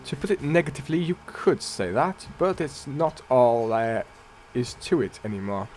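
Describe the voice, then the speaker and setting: A man reading aloud the lines of a calm male secret-agent leader from a game, in a flat read-aloud delivery. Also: mid-range voice, normal speed, a little hiss or hum, close to an everyday voice. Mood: explaining.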